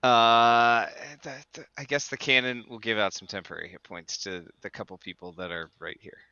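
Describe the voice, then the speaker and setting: Hesitant man with a crisp, bright voice. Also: medium pitch, fairly even intonation, moderate pace, no room sound. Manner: hesitant, full of fillers. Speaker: player. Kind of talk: casual tabletop play. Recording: dry, dull lo-fi mic.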